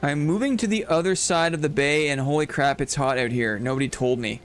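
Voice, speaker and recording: A man's voice: fairly high pitch, a little fast, soft background music. A man casually commenting while he plays a game on a live stream, chatting playfully with his viewers and reading their messages aloud.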